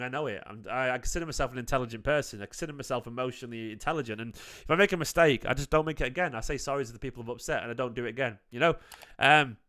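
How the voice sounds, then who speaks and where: Bright-voiced man in his thirties, chatty. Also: mid-range voice. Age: 30s. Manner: chatty, defensive, says mate often. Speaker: fan channel host. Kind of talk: casual reaction talk to live chat.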